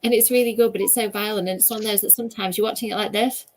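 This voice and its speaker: A woman's voice: mid-range voice, steady tone, rapid-fire. A woman hosting a casual chat over a video call. She talks in a chatty, rambling way. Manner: chatty and rambling, with frequent laughs. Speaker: host, author.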